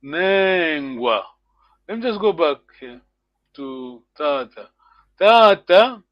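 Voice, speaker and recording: A man leads a live language lesson, patiently repeating each word so students can copy it, with frequent chuckles. His voice sits fairly high, and he speaks slowly and deliberately. The call audio is dull and lo-fi, with a dry, close sound. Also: expressive, no room sound. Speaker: language teacher.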